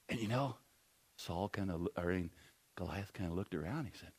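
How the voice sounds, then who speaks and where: A man's voice: low-pitched, normal speed, breathy edge. Man preaching a rambling story sermon. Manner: rambling storytelling with many fillers.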